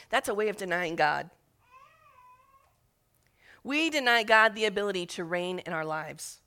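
In a sermon mixing scripture with her own recollections, a woman sounds earnest and emotional, rising in intensity as she appeals to listeners. Her voice is a little high, pushed, and bright.

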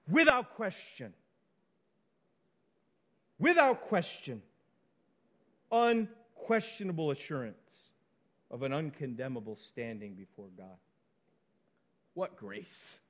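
Guy preaching, slow and deliberate, voice swoops all over, gets real emphatic. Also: high-pitched. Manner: emphatic, rising to passionate peaks then dropping quiet. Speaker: pastor. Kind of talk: sermon.

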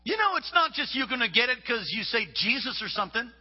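High husky preacher guy in a big echoey hall, kinda muffled lo-fi sound. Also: very animated, fast talker. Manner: preaching with rising shouts and acted-out quotes. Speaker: pastor. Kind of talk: sermon.

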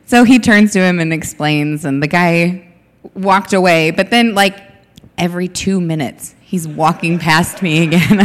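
Lively woman telling a story in a hall. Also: on the low side, unhurried. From United States. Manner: animated, laughing storyteller. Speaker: missionary guest. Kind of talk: telling a funny story on stage. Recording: reverberant hall.

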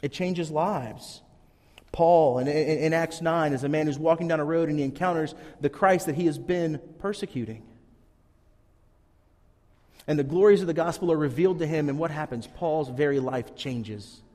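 A pastor preaches a sermon, earnestly telling a Bible story and acting out the characters' lines. His voice is on the high side with a dark tone at a moderate pace, followed by a long reverb tail.

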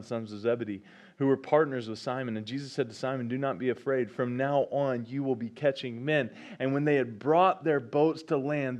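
A male pastor preaching a sermon, reading scripture and repeating key phrases with rising enthusiasm. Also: mid-range voice. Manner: preaching with rising excitement and repetition.

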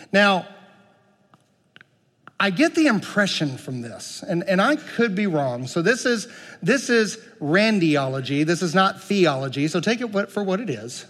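A male pastor preaching a sermon, swinging from loud, emphatic peaks to quiet, low asides and asking the congregation questions. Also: big pitch swings, measured pace, long reverb tail. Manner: dynamic preaching, rising loud then dropping soft, asks the congregation questions. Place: church sanctuary.

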